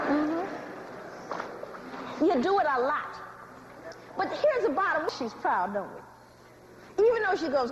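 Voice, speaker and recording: A woman giving a public lecture with animated, dramatic storytelling and direct asides to the audience. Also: sits high, measured pace, long pauses, roomy sound, highs cut off, slight background noise. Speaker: speaker.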